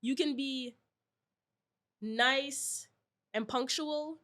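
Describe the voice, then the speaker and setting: A woman's voice: high-pitched, very slow. A woman in her twenties from New York, chatting casually and telling a story full of fillers. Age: 20s. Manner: chatty, many fillers, animated retelling.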